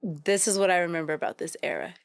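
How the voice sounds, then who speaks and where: Low-voiced chatty woman. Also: fast, gravelly. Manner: chatty, laughs often, says "like" a lot. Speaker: podcast co-host. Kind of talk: casual chat.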